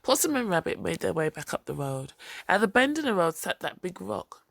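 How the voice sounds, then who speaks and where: Gravelly low-voiced woman storyteller. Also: a little fast, no room sound. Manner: expressive, rhythmic storytelling with repetition. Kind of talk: folktale storytelling.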